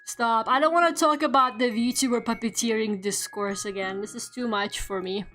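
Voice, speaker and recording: A woman's voice: on the high side, steady tone, moderate pace, a bit bright, soft background music. A young woman chatting casually as a VTuber while she draws on stream, rambling playfully with lots of "like" and casual swearing.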